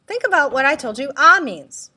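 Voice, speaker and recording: A woman teacher giving a recorded tutorial, speaking slowly and deliberately, spelling out letters and asking listeners to repeat. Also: sits high, sing-song, bright, forceful tone. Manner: slow, deliberate, spells out letters and prompts repetition. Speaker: Spanish teacher.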